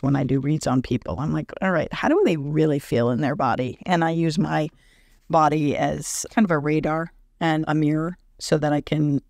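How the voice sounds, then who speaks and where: A woman talking casually on her podcast as an energy healer, animated and laughing often, acting out quoted thoughts in a higher voice. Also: no room sound, studio quality. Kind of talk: casual spoken podcast monologue.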